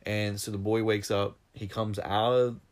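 A man in casual conversation, retelling a film's plot with animated, emotional storytelling and coming close to tears. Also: lowish voice, unhurried. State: near tears. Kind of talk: casual film discussion.

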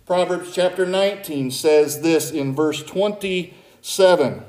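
A man preaching a conversational sermon, swinging between loud emphasis and quiet asides to the congregation. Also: on the high side, slow pace. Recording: echoey room.

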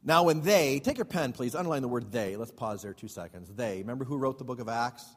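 A man's voice: mid-range voice, lively intonation, fairly quick. Man preaching in a reverberant hall. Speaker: pastor. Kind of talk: Bible study sermon.

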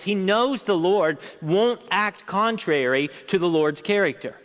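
A man's voice: fairly high pitch, in a large hall. A man preaching a sermon as pastor, earnest, his voice rising to stress each point.

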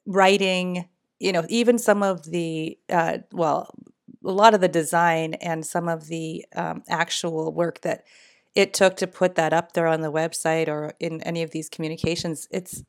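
A woman's voice: fairly low pitch, steady tone, moderate pace. A middle-aged woman, hosting a casual solo podcast in her morning voice, chatty and rambling with frequent laughs. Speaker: podcast host.

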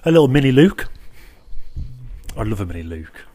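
A man's voice: mid-range voice, very animated, normal speed, warm tone, husky. A young man from the English Midlands with a Black Country accent, co-hosting a podcast in casual, rambling chat full of jokes and restarts. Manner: joking, rambling, with many fillers and restarts. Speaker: podcast co-host.

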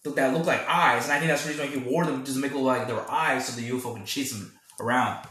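Animated man chatting in an echoey room. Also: medium pitch, racing. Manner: animated, laughing often, many fillers. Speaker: podcast host reviewing a film. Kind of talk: casual retelling.

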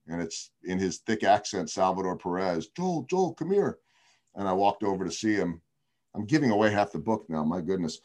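A man with a very deep, low voice tells anecdotes from his broadcasting career. He talks casually, with plenty of ums and restarts. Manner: anecdotal, warm storytelling with fillers. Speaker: baseball broadcaster and author. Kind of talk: casual storytelling on a video call.

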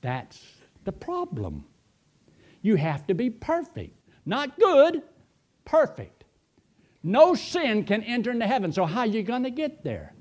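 A pastor delivers a sermon in a high, tenor-ranged voice. His pitch leaps and falls constantly. He swings from hushed asides to loud, emphatic declarations. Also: wildly swooping pitch, normal speed. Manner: preaching with dramatic swings in loudness and emphasis.

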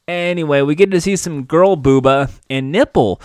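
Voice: medium pitch, moderate pace, few pauses, darkish tone, no room sound, clean studio sound. A commentator narrating a show recap with crude, rambling, sarcastic asides.

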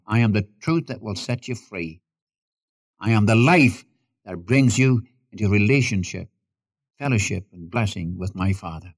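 Emphatic male preacher quoting scripture. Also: mid-range voice. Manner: emphatic, repeats key phrases, quotes scripture in King James wording; addresses listeners directly, asking them to follow in their Bibles. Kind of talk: sermon.

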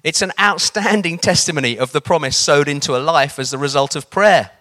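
Preacher, man, lively sermon storytelling, a bit higher voice. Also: fairly quick. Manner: animated, varies pace for emphasis.

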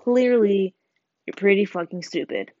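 A woman's voice: mid-range voice, a little slow, dark tone, dry recording. A teenage girl in a rambling, swearing, self-mocking chat to camera. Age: teens. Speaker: vlogger. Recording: slightly dull lo-fi sound.

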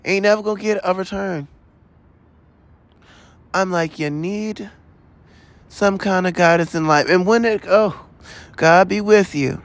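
Pitched high and speaking a little slowly, the man leaves long pauses as he hosts his podcast alone. The monologue rambles into a loose, exasperated, profanity-laced rant full of tangents.

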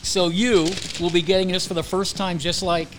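A male podcast host in casual chat, talking in an animated way with many repeated words and restarts. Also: high voice, normal speed. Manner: animated, repetitive, stumbling restarts.

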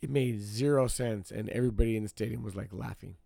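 In clean, studio-quality audio with no room sound, a man with a lowish, creaky, warm voice moves at a quick pace. He's hosting his own podcast, ranting casually through a story, doubling back on lines for emphasis and talking to his audience as "y'all."

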